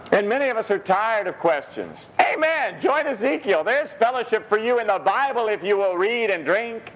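A man preaching a sermon in a lively, humorous way, laughing often and slipping into high mock voices when he quotes scripture. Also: moderate pace, hardly any pauses, highs cut off, slight background noise. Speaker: pastor.

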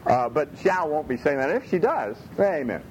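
Animated folksy male preacher. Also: a little high, moderate pace, slight background noise, rough recording. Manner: folksy, animated, repeats phrases. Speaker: pastor. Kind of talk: sermon.

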